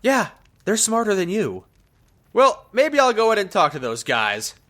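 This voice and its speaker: A man's voice: sits high, huge pitch swings, unhurried, fairly bright tone. A man commenting on his gameplay, joking sarcastically and playing his character aloud. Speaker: gaming video host.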